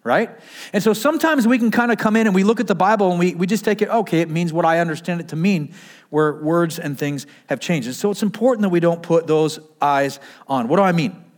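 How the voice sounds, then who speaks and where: Pastor guy giving a sermon, chatty, kinda high voice, asks the room stuff, talking thru a mask. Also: a little fast. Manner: conversational, asks the congregation questions. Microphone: wearing a mask.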